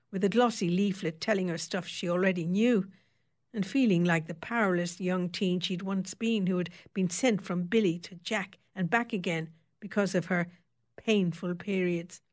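A woman reading a novel aloud as audiobook narrator, in steady, expressive storytelling. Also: fairly low pitch. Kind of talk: scripted narration.

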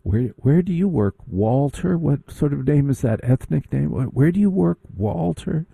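A man's voice: on the high side, lively intonation, normal speed, vocal fry, warm tone, husky, no echo, pitched above the performer's own voice, exaggerated voice. A man putting on a snooty preppy young partygoer. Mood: sniffy.

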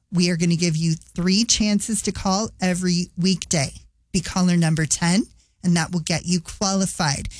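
Woman radio host, low-pitched, upbeat, chatty contest promo, dry studio sound. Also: no echo.

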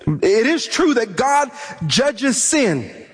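A young man preaches a sermon in a church sanctuary, his voice unusually high. He grows impassioned and sometimes acts out frustrated pleas to God. A long hall reverb trails each phrase. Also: big pitch swings, very slow, breathy edge. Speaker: pastor.

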